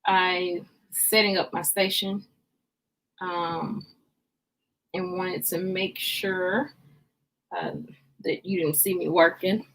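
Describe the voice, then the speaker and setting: Slow-talking woman livestreaming. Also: fairly low pitch, steady tone, fairly bright tone. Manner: chatty, greets viewers by name, many filler pauses. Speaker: livestream host. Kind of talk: casual livestream chat.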